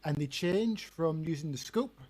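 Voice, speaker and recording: A man's voice: fairly high pitch, moderate pace, a little mellow, low-quality recording. A man giving his view as a guest in a casual gaming podcast, earnest and full of "you know".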